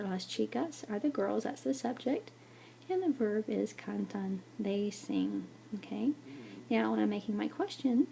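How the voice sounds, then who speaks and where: A woman walks her students through a lesson at the board, patient and steady, repeating each example and checking in often. Her voice sits mid-height with a gravelly fry and a mellow, darker tone. A faint hiss runs under the recording. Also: mid-range voice. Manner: patient, repeats "okay" and examples, many fillers. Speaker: Spanish teacher.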